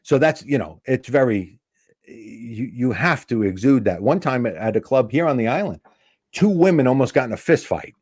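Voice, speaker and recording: Brief: fifties New man, comic storyteller, lively swinging pitch, dry close sound. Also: normal speed, no echo. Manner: animated anecdote teller, acts out quotes. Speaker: comedian guest. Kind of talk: podcast storytelling.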